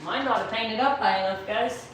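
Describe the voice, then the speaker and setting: A chatty, joking woman talks casually to her viewers while she paints a kitchen. Her voice is high and bright. It echoes around a bare room, and the mic sits far off with faint noise behind her. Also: moderate pace. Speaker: vlogger. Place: empty house kitchen.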